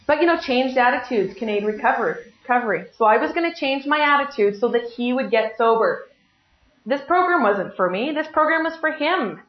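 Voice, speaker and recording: Middle-aged woman sharing her story, laughs at herself, kinda high voice, dull lo-fi recording. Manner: lively, self-mocking storytelling with acted-out quotes. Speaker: speaker sharing at a recovery meeting. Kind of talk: personal testimony. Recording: echoey room, dull lo-fi sound.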